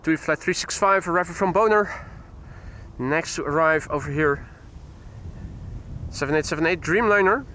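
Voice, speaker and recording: Man, high voice, live stream host, chatty commentary. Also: normal speed, long pauses, pushed and bright, slight background noise. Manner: chatty, reads viewer comments, laughs easily. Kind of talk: live plane-spotting commentary.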